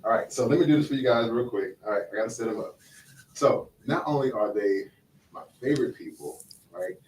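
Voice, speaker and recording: A man's voice: medium pitch, expressive, fairly quick. A man hosting a podcast in casual chat, slangy and checking in with "right?" as he talks. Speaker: podcast host. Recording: echoey room, mic at a distance, faint noise.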